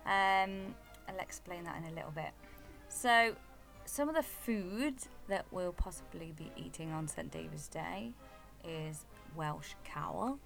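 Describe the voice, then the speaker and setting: Chatty woman with a low gravelly voice. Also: lively intonation, slow, fairly bright tone, faint music behind. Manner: chatty and teasing. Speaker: podcast co-host. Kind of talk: casual chat. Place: home in Wales.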